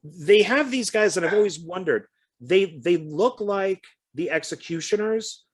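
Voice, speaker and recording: A man's voice: high voice, expressive, unhurried, slightly rough. Chatty, stumbling man co-host. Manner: chatty, hesitant, stumbles over words. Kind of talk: casual chat.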